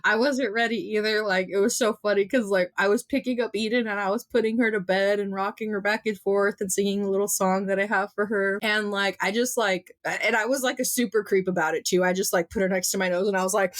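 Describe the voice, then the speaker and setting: A young woman hosts a casual podcast chat, telling stories in a slangy, animated way packed with fillers. Her voice sits at a middle pitch. The sound is dry and close. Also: fast, hardly any pauses, no echo. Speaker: podcast host.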